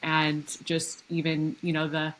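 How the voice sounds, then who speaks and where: A woman with a fairly low voice hosts a podcast. She is openly emotional and gushing, showering her guest with praise and thanks. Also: completely flat delivery, unhurried, fairly bright tone, slight background noise, rough recording. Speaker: podcast host. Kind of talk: interview conversation.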